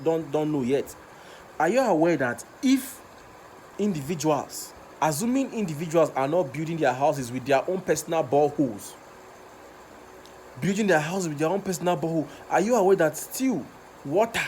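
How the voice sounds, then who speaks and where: A man's voice: fairly high pitch, a little mellow, slight background noise. A man with a Nigerian accent, recording a passionate rant video, repeating himself and stumbling over words as he gets worked up. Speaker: vlogger.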